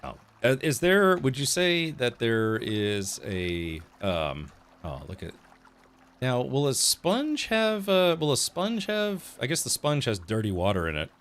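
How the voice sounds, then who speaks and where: A man's voice: mid-range voice, huge pitch swings, unhurried, a bit bright. A man hosting a let's play stream, chatty and easily distracted while he plays. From United States. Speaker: streamer host.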